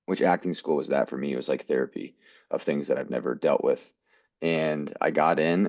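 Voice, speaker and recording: Deep deep voice american guy telling his story in an interview, kinda dull audio. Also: no room sound. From United States. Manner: earnest, quotes people in his stories. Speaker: guest actor.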